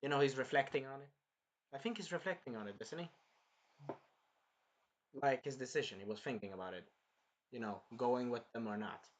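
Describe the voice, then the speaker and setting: A man's voice: mid-range voice, moderate pace, pauses often. A man casually chatting through an anime episode review, rambling and swearing now and then as he retells scenes.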